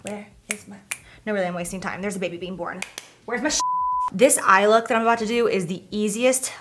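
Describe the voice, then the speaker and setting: A young woman chatting casually through a makeup tutorial, gushing over products and sometimes dropping to a soft near-whisper. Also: medium pitch, moderate pace, a little hiss or hum. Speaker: beauty vlogger.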